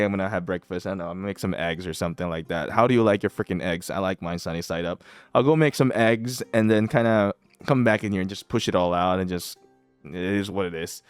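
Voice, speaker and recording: A man's voice: lowish voice, clean tone, no echo. A man hosting a gaming channel, chatting casually as he plays and often breaking into laughter while repeating himself. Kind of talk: casual game commentary.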